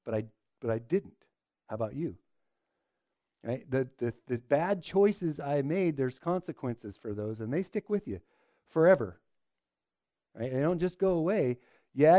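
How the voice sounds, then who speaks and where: Dark-voiced preaching man, dry close sound. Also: mid-range voice, expressive, measured pace, no echo. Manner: preaching with repeated rhetorical questions and restarts. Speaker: pastor. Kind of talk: sermon.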